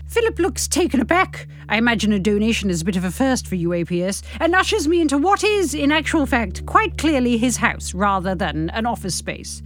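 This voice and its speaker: A sardonic woman reads from her own comic book, breaking off for wry, self-mocking asides. Her voice sits fairly high and bounces lively up and down. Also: brisk, few pauses. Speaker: podcast host reading her book.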